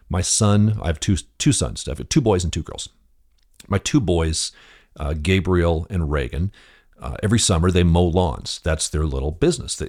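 Fifty-year-old man with a deep voice. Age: 50s. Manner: storytelling, acts out quoted dialogue with animated pitch jumps; frequent restarts and fillers, addresses the listener directly. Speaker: podcast host. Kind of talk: conversational business talk.

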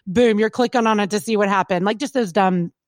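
A woman in her thirties, a radio personality, telling stories in a casual interview, chatty and animated with plenty of fillers. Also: mid-range voice, fairly quick, no echo. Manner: animated, chatty, lots of fillers and quoted asides.

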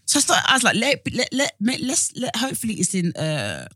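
Lively Essex woman telling a story. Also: fairly high pitch, a little fast, slightly rough, no echo, studio quality. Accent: Essex English. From Essex, England. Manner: animated storyteller, swears, acts out quotes. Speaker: guest. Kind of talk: casual chat.

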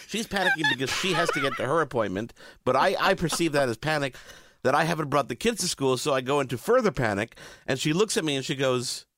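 A man's voice: medium pitch, a bit bright, dry recording, clean studio sound. A man on a podcast telling a funny story in casual chat, acting out his own panic. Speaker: podcast co-host.

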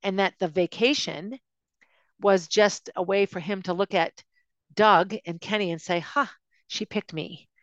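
A woman's voice: mid-range voice, unhurried, no room sound, highs cut off. Woman host, personal storytelling monologue, emotional and confiding, dry close sound. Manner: emotional, confiding, with frequent restarts. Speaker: podcast host recounting her own life.

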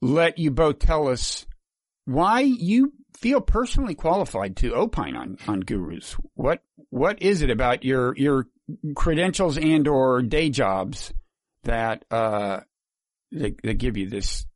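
A man hosting an interview podcast, introducing his guests with many fillers and pauses. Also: medium pitch, big pitch swings, no echo. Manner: halting, filler-heavy. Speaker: podcast host.

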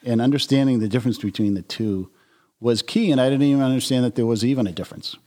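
A man's voice: mid-range voice, fast, dark tone. A man as an interview guest, talking reflectively with many casual fillers. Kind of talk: conversational interview.

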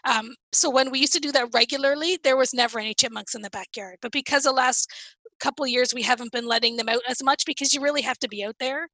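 Chatty woman podcaster, high bright voice, dry close sound, lots of restarts. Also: fast talker, no echo. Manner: chatty, rambling with many restarts. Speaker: podcast co-host. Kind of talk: casual chat.

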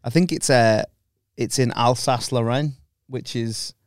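A man's voice: mid-range voice, unhurried, no room sound, studio quality. A young man, co-hosting a casual podcast, rambling and joking in British slang. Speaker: podcast co-host. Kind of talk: casual chat.

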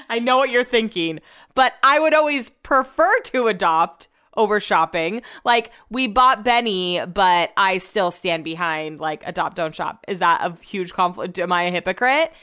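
A woman's voice: medium pitch, normal speed, bright, forceful tone, clean tone. A young woman hosting a casual chat, ranting and swearing freely. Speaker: podcast host.

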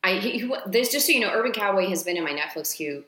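A woman's voice: medium pitch, lively intonation, fast, sharp tone. A woman co-hosting a podcast in casual chat, talking freely with lots of swearing and wandering off on tangents. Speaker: podcast co-host. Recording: echoey room.

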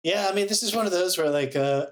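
A man's voice: high-pitched, quick pace. A man co-hosting a casual movie podcast, laid-back, thinking aloud and calling others dude. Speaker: podcast co-host. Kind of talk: casual movie review chat.

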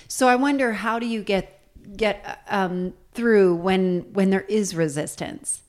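A woman hosting a podcast, telling stories in lively casual chat and acting out quotes. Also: mid-range voice, a little slow. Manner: lively storyteller, acts out quotes. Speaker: podcast host.

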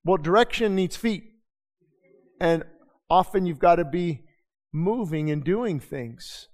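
A man preaching a sermon as pastor, talking conversationally with quick asides and rhetorical questions to his congregation. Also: sits high, expressive, a little mellow. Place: church sanctuary. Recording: long reverb of a church hall.

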